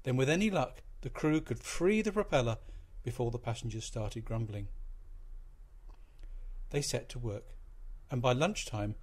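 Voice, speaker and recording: A man narrating a short story aloud in an expressive, measured reading voice. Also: medium pitch.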